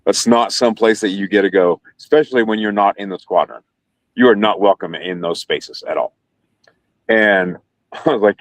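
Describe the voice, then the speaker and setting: Middle-aged man, low-pitched, dry close sound; a chatty guest who rambles and corrects himself mid-story. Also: moderate pace, dry recording. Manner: rambling, self-correcting, laughs while telling. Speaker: podcast guest, former carrier sailor. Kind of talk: casual storytelling interview.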